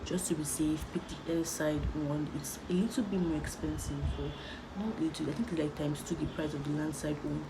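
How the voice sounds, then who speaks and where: Low, flat-voiced young woman vlogger. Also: moderate pace, creaky. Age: young adult. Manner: chatty, rambling, laid-back. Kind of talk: casual chat to camera. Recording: noticeable background noise.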